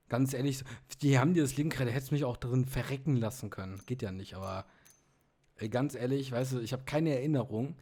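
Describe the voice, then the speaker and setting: A man's voice: mid-range voice, warm tone. A man casually commenting on a video game, muttering and getting frustrated. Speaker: let's player. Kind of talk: gameplay commentary.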